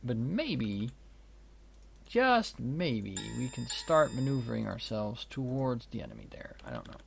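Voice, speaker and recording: A man's voice: medium pitch, huge pitch swings, unhurried, vocal fry, faint music behind. Wry man muttering through a strategy game. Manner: wry, muttering, swears now and then. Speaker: let's play host. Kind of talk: casual gameplay commentary. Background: keyboard and mouse clicks.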